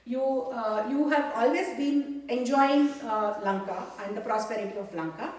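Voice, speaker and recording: A woman casually retelling an epic to a child, halting, with many fillers and restarts. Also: on the high side, darkish tone. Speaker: storyteller. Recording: echoey room, mic far off.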